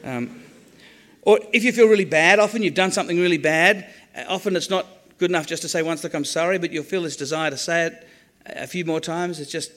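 A man preaching a sermon on the Psalms, animated, acting out quoted prayers with jokey asides. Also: fairly high pitch, a little fast.

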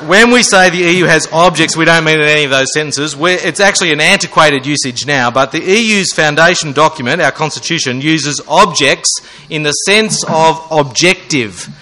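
A man's voice: a little high, sharp tone, rough recording. A young man giving a joking talk to a student audience, self-mocking and asking the crowd questions. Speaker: student ministry speaker.

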